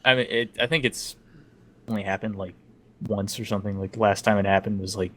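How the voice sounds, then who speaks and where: A fairly low-pitched man talking through sports rules in a relaxed podcast chat. He rambles a bit and leans on "like" as he explains, laid-back and conversational. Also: a little fast. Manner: explains hockey rules at length, many "like" fillers. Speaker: podcast co-host.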